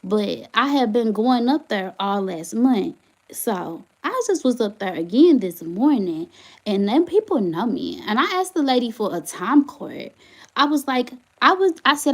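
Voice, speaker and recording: A young woman livestreaming to her chat from her phone, venting indignantly and getting loud as she complains. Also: fairly high pitch, very animated, measured pace. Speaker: vlogger, single mother.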